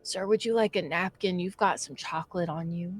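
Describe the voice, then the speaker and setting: A woman doing a quiet deadpan male waiter. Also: fairly low pitch, fairly quick, faint music behind, natural voice. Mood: dry. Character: polite male restaurant waiter, dry and deadpan.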